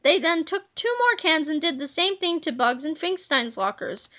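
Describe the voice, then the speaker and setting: A woman reading a children's book aloud in an animated storybook manner. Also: high voice, normal speed. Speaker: reader.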